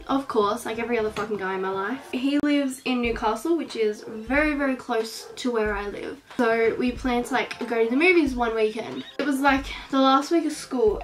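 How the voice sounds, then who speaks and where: A teenage girl with an Australian accent, chatting casually while doing her makeup at home, ranting with lots of swearing and "like". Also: on the high side. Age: teens. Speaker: beauty vlogger. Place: at home, indoors.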